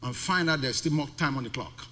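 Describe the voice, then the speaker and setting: A man's voice: medium pitch, a little fast, sharp tone. A male pastor preaching a sermon, emphatic and full of rhetorical questions. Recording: long reverb of a large hall.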